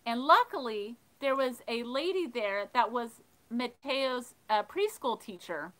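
Bright-voiced woman telling a laughing story. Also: on the high side, lively intonation, unhurried, low-quality recording. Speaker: livestream host of a thrifting channel. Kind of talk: casual storytelling while reading live chat.

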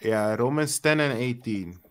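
Relaxed man running a Bible study, plain voice, easygoing. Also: mid-range voice, a little slow. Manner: laid-back, calls for verses, says "you know, man". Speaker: leader of the scripture study session. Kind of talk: casual religious discussion.

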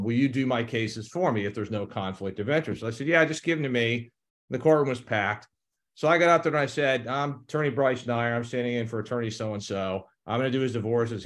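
A man's voice: mid-range voice, a bit bright. A man in his fifties, an attorney, telling casual courtroom stories with frequent chuckles and acted-out quotes. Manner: chuckles often, acts out quoted dialogue. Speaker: attorney guest. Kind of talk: casual anecdotal storytelling.

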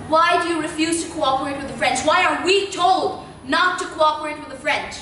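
A teenage girl delivers fierce stage monologues in a very high voice, swinging into emphatic shouts. She is caught from far off by a camera in a hugely echoey school hall, with steady room noise behind her. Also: normal speed, hardly any pauses. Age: teens. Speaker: drama student. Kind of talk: stage acting of dramatic monologues.

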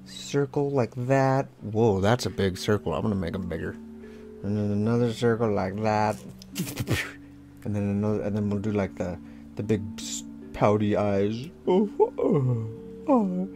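A man's voice: fairly low pitch, fairly even intonation, normal speed, over music. A man leading a casual draw-along lesson, talking as he draws, playful and rambling with self-mocking asides. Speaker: drawing instructor.

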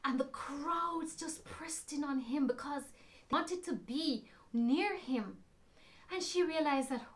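A woman telling a Bible story to children, expressive, shifting between loud emphasis and hushed whispers. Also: high voice, takes it slowly.

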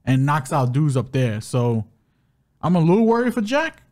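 On a casual betting podcast, a male co-host with a fairly high voice speaks at normal speed. Loose and animated, he uses plenty of slang.

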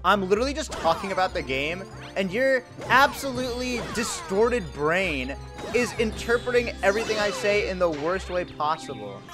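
A man's voice: high voice, big pitch swings, normal speed, over music. A young man streaming a game from home, chatting in a crude, joking, rambling way. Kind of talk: casual gaming stream chat.

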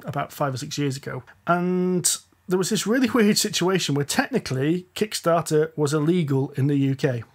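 A man's voice: fairly high pitch, moderate pace, breathy edge. A man with a Northern English accent hosting a board game podcast, chatty and rambling, often laughing. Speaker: podcast host. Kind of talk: casual chat.

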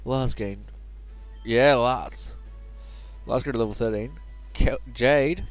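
A man's voice: mid-range voice, slow, soft background music. A man giving casual, joking let's play commentary, chatty and muttering to himself.

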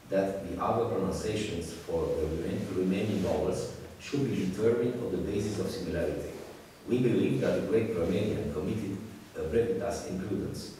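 A man giving an academic lecture, speaking haltingly with many fillers and restarts. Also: low-pitched, dark tone. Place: lecture room. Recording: distant echoey hall recording with hiss.

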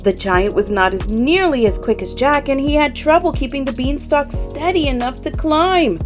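A woman reading a children's bedtime story aloud in an expressive, dramatic way with pauses. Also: high-pitched. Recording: soft music underneath.

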